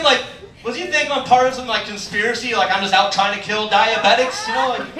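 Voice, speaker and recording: A man's voice: very high-pitched, quick pace. A man performing a stand-up comedy set, acting out the voices of people in his stories. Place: comedy club stage. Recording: echoey club, mic far, loud crowd laughter.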